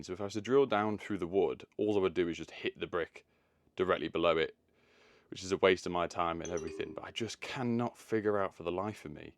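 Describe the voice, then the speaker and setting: A man with a low voice narrates his electrical job in a rambling, chatty way. He thinks aloud while he works outside on a roof and in a loft. It is recorded on a phone camera. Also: dry recording, studio quality. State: out of breath at times. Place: outdoors on a roof and in a loft, rainy.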